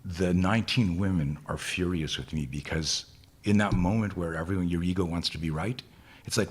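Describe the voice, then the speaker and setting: A man with a very deep, husky voice tells a gripping story as a podcast guest. He talks with intensity and swears freely, slipping into the voices of the people in his tale. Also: moderate pace. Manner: intense, profane, acts out quoted dialogue. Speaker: guest, self-defense instructor.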